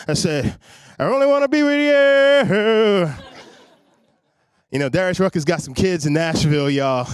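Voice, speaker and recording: A man's voice: a little high, darkish tone, no room sound, studio quality. A man from Long Island doing a stand-up comedy set, loose and conversational, talking straight to the crowd. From Long Island, New York. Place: comedy stage in a studio.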